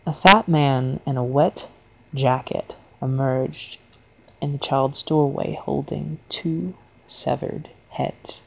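Brief: woman storyteller, slow and deliberate, low voice with a gravelly rasp. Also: fairly even intonation, poor audio. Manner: quiet and deliberate. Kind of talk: horror story narration.

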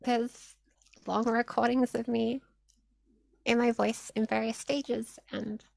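A woman's voice: fairly high pitch, little pitch movement, takes it slowly, creaky, darkish tone, no room sound, rough recording. A young woman, an audio creator, answering interview questions casually, upbeat, with frequent laughs and lots of "like". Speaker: audio content creator, guest.

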